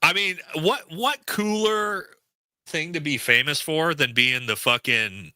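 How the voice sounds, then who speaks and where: A man's voice: fairly high pitch, unhurried, sharp tone, smooth, no room sound. A man in casual podcast chat who laughs often, swears heavily and says "dude" all the time. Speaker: podcast host.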